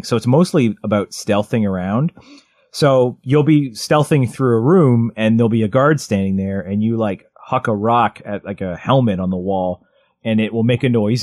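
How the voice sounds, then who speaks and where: A man in his thirties, co-hosting a podcast in casual chat, rambling excitedly with lots of "like" and restarts. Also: lowish voice, no echo. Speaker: podcast co-host.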